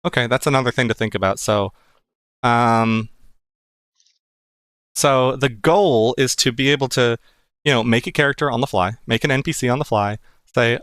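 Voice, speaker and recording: A man's voice: mid-range voice, normal speed, pauses often, fairly bright tone, dry recording, clean studio sound. A man, a game master, casually thinking aloud about how he voices characters. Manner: thoughtful, thinking aloud with restarts.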